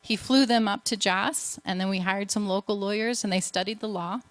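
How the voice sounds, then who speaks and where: A woman's voice: medium pitch, fairly even intonation, normal speed, no echo. A woman missionary giving an earnest, emotional testimony to a church. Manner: earnest storytelling, emotional at times.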